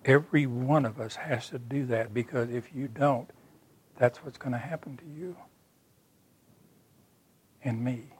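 A man's voice: medium pitch, a little slow, pauses often, breathy edge. A man giving an earnest, plainspoken sermon as a personal story, acting out the dialogue of the people in it. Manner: plainspoken and folksy. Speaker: church speaker.

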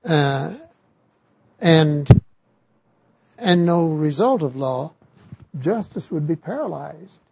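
An older man giving a sermon on scripture, slow and halting with frequent restarts. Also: fairly high pitch, expressive, gravelly, a little mellow, husky, no echo. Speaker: scripture teacher.

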